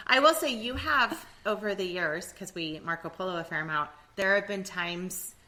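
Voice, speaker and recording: A woman hosting a podcast, leading the chat with questions and animated side stories. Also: medium pitch, normal speed. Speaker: podcast host. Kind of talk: casual chat, leading discussion.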